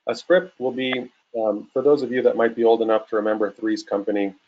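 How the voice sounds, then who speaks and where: A man in his forties giving a casual webinar talk as a real estate coach, acting out phone calls in a lively way. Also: lowish voice, fairly quick, narrow, tinny audio. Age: 40s. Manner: casual, animated, acts out calls.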